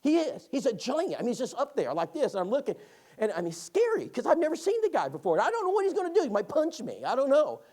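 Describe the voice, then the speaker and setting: A man teaching a Bible class, telling stories in a folksy, animated way. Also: extremely high pitch, fast. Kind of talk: lively classroom storytelling.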